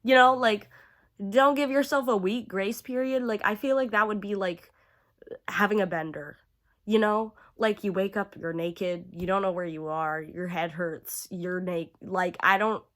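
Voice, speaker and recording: A woman's voice: medium pitch, steady tone, unhurried, fairly bright tone. A young woman giving casual, profane ranking commentary to camera, chatty and full of fillers, gushing about favorites. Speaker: horror video creator.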